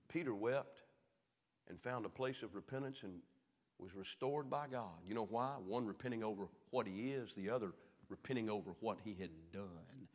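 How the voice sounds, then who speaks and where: Animated Southern preacher in an echoey church. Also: male voice. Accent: Southern American. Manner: animated, swings from shouted peaks to low quiet passages. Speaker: pastor. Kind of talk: sermon. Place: church sanctuary.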